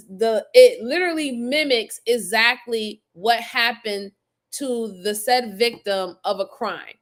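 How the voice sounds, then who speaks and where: A woman with a fairly high voice reacts to crime videos and talks straight to her chat. She is blunt and exasperated, curses freely and often laughs. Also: fairly bright tone. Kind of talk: casual reaction commentary to live chat.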